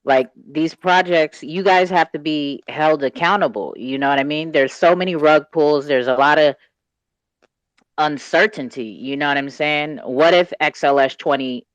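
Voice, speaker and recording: A man hosts an online call with a smooth, clear voice, pressing guests with pointed questions. The call audio is slightly dull and dry. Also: a little high, normal speed, fairly bright tone, dry recording. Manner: probing, direct, frequent "right?" tags. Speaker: host of a crypto community call.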